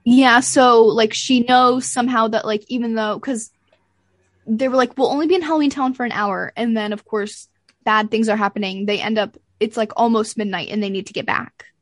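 This podcast co-host has a fairly high pitch and a moderate pace, captured with clean studio sound and no room noise. Her casual chat is animated as she retells scenes, voicing the characters' lines.

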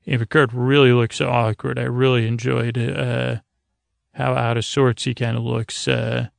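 A man's voice: mid-range voice, flat delivery, unhurried, gravelly, no room sound. A man hosting a podcast, casually retelling an episode in a rambling way, full of fillers and restarts. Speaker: podcast host.

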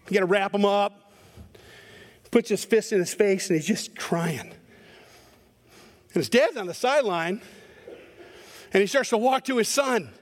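Storytelling man, pastor, sermon, animated, repeats words, reverberant church. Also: high-pitched. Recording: long hall reverb.

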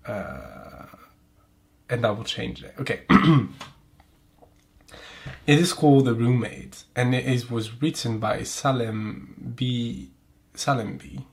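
A French-accented man hosts a podcast in loose, casual chat, his voice stuffy and nasal from pollen. He rambles, swears a lot and pokes fun at himself, sitting at an everyday middle pitch. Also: expressive, slow, creaky, long pauses. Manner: profane, rambling, self-mocking. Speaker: podcast host. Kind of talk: casual chat and reading aloud.

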